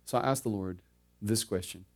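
Man, middle-aged, preacher, low voice, sermon with personal story, loud emphatic peaks, hushed storytelling. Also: moderate pace. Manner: laughs between lines.

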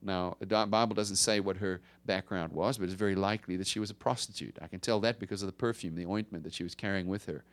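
A male pastor preaching a conversational sermon, swinging from emphatic rises to hushed drops. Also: sits low, fairly even intonation, fast talker, few pauses.

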